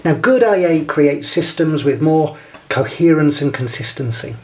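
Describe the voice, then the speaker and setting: A man with a slightly raised voice gives a scripted lesson. He speaks in a measured, deliberate way and guides the listener through each step. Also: on the high side, lively intonation, a little mellow. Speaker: presenter. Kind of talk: scripted instructional talk.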